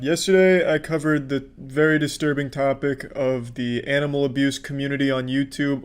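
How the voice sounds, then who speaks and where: A man giving casual online commentary in a deadpan, flat way, blunt and crude. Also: mid-range voice, clean tone. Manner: deadpan, flat-affect delivery.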